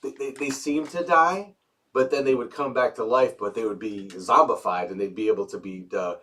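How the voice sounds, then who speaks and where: A man co-hosting a casual chat, talking in a playful, animated way that often trails off and restarts. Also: mid-range voice, normal speed, recorded from a distance. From United States. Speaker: co-host.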